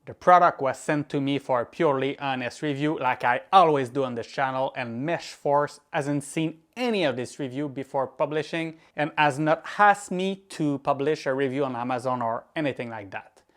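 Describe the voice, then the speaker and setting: A man from Quebec whose first language is French, speaking English with a Quebec French accent as he gives a scripted tech product review in a measured, explanatory way. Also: mid-range voice, fairly bright tone. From Quebec, Canada.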